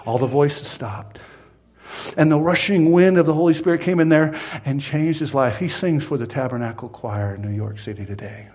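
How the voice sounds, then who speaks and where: A man preaching a sermon, swinging from loud cries to hushed whispers and acting out the people in his stories. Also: normal speed. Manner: acts out quoted cries in a high strained voice.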